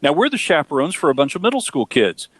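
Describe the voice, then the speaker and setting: A middle-aged man hosts a relaxed talk show and spins a story with plenty of drama. His pitch swings widely as he builds each moment. The sound is close and dry. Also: fast, slightly rough, dry recording. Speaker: podcast host. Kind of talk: casual storytelling chat.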